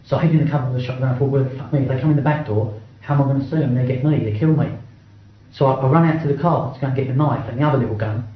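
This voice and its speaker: A man's voice: mid-range voice, steady tone, racing, a little hiss or hum. A middle-aged man giving a blunt first-person account in an interview, swearing often and stumbling over restarts. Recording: very echoey, dull-sounding room recording.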